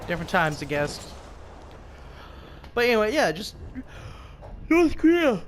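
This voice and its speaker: This gaming commentator is a young man from the United States whose high-pitched, expressive voice moves at a normal speed. He rambles profanely while playing, jumping from topic to topic with asides, over the noise of the game's music and gunfire.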